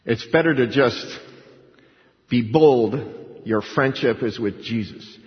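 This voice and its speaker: Man, pastor; lively sermon delivery that acts out quoted voices; long hall reverb, muffled lo-fi sound. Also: medium pitch, slow pace. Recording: dull lo-fi recording with hall reverb.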